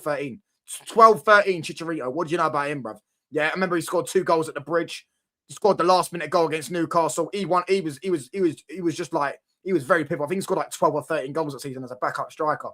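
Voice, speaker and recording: A young man with a London accent, chatting excitedly about football with his stream viewers. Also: fairly high pitch. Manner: excitable banter, quick bursts of emphasis. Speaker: livestream host. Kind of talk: casual football chat with viewers.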